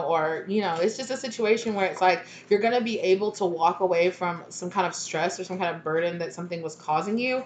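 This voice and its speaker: A woman's voice: fairly low pitch, fairly quick, few pauses, slight background noise. A woman giving a casual, rambling tarot reading, chatty and full of fillers and restarts. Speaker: tarot reader.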